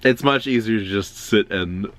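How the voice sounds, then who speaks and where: Casual co-host, man, lowish voice, deadpan quips. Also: normal speed. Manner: dry, joking remarks. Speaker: podcast co-host. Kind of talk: casual chat.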